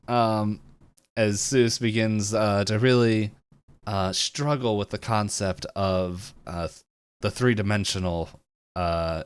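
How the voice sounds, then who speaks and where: Lowish-voiced guy on a podcast, recapping episodes, laughing a lot and doing quick character bits. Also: smooth. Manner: animated retelling, acting out quotes with laughs. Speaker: podcast co-host.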